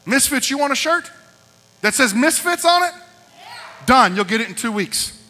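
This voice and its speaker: A man's voice: very high voice, lively intonation, moderate pace, sharp tone. A man preaching as youth pastor, punchy and repetitive, directing a group in a large hall. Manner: punchy, repeats short lines. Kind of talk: youth service sermon. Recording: echoey hall with mains hum.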